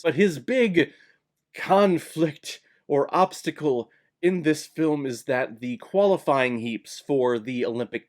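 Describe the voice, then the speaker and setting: A man giving a casual vlog movie review in a sarcastic, blunt and exasperated way. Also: a little high.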